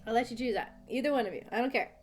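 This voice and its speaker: A woman's voice: a little high, very fast, music in the background. A woman livestreaming a game, chatting playfully with her viewers and laughing often. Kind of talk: casual let's-play chat.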